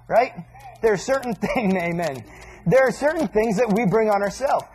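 A man preaching a sermon in a casual, animated way, acting out little asides as he teaches. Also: high voice, moderate pace, a little hiss or hum, poor audio.

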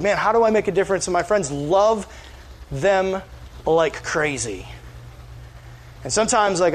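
A male pastor, preaching in an earnest, conversational way and acting out quoted voices. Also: high voice. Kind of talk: sermon.

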